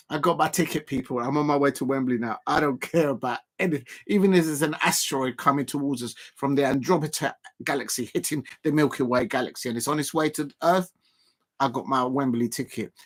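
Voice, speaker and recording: Excitable man. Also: a little high, fairly quick. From South London, Colombian roots. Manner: excitable, rambling, laughs often. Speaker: live stream watch-along host. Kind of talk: casual live stream chat.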